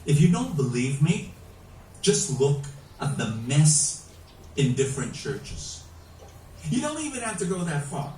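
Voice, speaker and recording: Lively, slow-paced male preacher. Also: fairly high pitch, a little hiss or hum. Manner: animated, emphatic preaching with rhetorical questions. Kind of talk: sermon. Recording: echoey room, mic at a distance.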